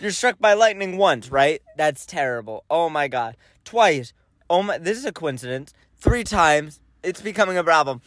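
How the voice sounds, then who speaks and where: A man's voice: on the high side, lively intonation, normal speed, fairly bright tone, dry recording. A man co-hosting a podcast in casual chat, riffing emphatically and repeating phrases for effect. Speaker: podcast co-host.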